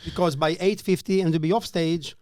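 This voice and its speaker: A man telling a comedy gig story on a podcast, animated and swearing as he acts out the people in it. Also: fairly high pitch, brisk, dry recording, studio quality. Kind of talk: casual podcast anecdote.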